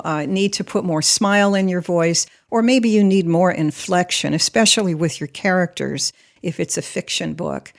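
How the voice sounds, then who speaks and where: A middle-aged American woman, an audiobook narrator, talking informally and upbeat in a professional studio. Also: fairly low pitch. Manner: chatty, upbeat, explaining. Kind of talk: informal talk to camera.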